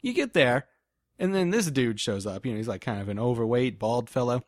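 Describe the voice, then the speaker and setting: A man's voice: mid-range voice, animated, fairly quick, dry recording, clean studio sound. A man co-hosting a casual, joking chat, spinning rambling hypotheticals and laughing often.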